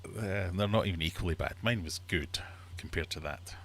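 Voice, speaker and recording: A man hosting a casual livestream from his fish room, chatty and quick to laugh while telling jokes. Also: deep voice, fairly bright tone, slight background noise. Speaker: livestream host.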